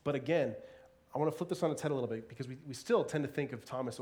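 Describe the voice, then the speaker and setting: A man's voice: mid-range voice, racing. Conversational man preaching a sermon. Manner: conversational, animated preaching with playful asides. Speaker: pastor.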